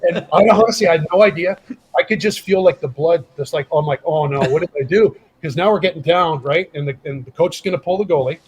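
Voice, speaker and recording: A husky, fast-talking man with a voice on the high side tells a casual story as a podcast guest. He's middle-aged and a former pro hockey enforcer, and he animatedly performs the quoted dialogue. The recording quality is low.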